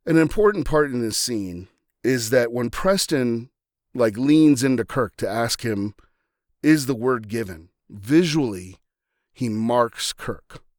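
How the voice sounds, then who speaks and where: A man's voice: mid-range voice, animated, slow pace, darkish tone, no room sound, clean studio sound. A man hosting a podcast, talking through a film scene in a casual, rambling way with frequent restarts. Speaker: podcast host.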